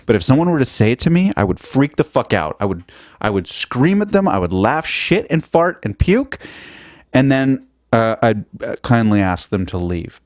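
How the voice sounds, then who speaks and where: A man's voice: medium pitch, big pitch swings, moderate pace, darkish tone, no room sound. Young guy on his own podcast, cursing nonstop, jumping around, voice bouncing all over, dry close sound. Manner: sweary, self-mocking, jumps between topics. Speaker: podcast host. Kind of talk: profane solo podcast rambling.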